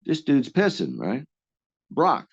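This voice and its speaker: Male guest, rambling storyteller with a salty tongue, mid-pitched, on a dull lo-fi recording. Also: huge pitch swings, takes it slowly, creaky, husky. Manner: rambling, lots of restarts and salty language. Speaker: interview guest. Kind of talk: casual storytelling.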